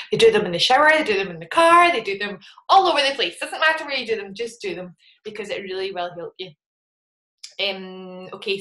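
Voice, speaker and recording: Animated woman trainer in an echoey room. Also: mid-range voice. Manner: animated storytelling, acts out her own panic. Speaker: network marketing trainer. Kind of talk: motivational training talk.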